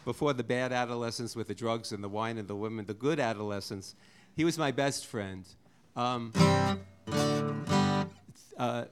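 A man's voice: mid-range voice, a bit bright, smooth. A man, a singer-songwriter, chatting casually and ramblingly with a small live audience between songs. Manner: rambling, self-deprecating. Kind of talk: casual stage banter.

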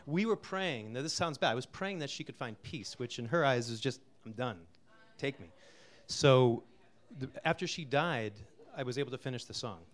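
A middle-aged man from Connecticut introduces a song he wrote, talking softly and haltingly with many fillers. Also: medium pitch, lively intonation. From Connecticut, USA. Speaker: singer-songwriter introducing a song. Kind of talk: casual spoken intro before a live song.

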